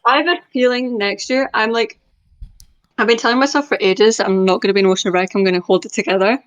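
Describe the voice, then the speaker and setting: A woman's voice: a little high, steady tone, fast talker. A young woman co-hosting a podcast, chatting casually and making fun of herself. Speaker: podcast co-host. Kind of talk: casual chat. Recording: slightly dull sound.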